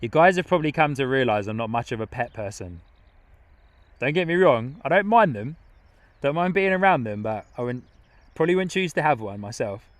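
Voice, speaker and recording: A man's voice: medium pitch, lively intonation, fairly quick, no echo. Chatty man hosting a live stream. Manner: chatty, reads viewer comments aloud, laughs often. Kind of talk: casual live commentary. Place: outdoors at an airport viewing spot.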